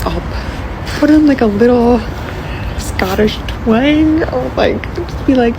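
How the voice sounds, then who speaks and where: A woman's voice: a little high, expressive, a little slow, noisy background. A woman with an American accent making a sheepish, rambling confessional vlog on her phone outdoors.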